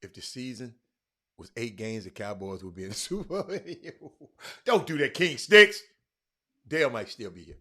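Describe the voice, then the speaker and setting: A middle-aged man hosting a sports talk show, chatting loudly and calling out viewers by name in casual Southern vernacular. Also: mid-range voice, brisk. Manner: loud, excitable, calls out viewers by name; Southern vernacular, y'all and ain't. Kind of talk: casual livestream chat reading comments.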